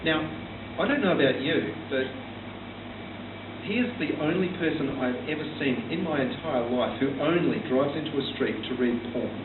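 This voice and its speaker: A man's voice: mid-range voice, lively intonation, moderate pace, roomy sound. Hesitant Australian man doing stand-up. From South Australia. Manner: hesitant, full of ums and restarts, dry storytelling. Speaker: first-time stand-up comedian. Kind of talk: stand-up comedy set. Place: small comedy bar stage. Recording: tinny distant room recording with hum.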